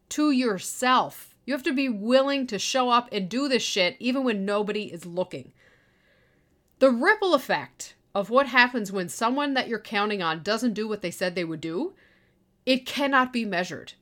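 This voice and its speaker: A middle-aged woman with a slightly high voice, talking straight to her listeners in an exasperated, foul-mouthed rant. She is blunt and impatient, and she swears freely. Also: fairly bright tone. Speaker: podcast host and online course business owner. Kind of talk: profane ranting monologue.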